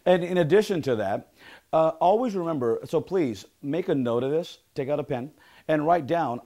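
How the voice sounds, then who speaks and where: A man's voice: on the high side, expressive, normal speed, warm tone. A man, a real estate sales coach, giving an upbeat motivational training talk and leading call-and-response affirmations.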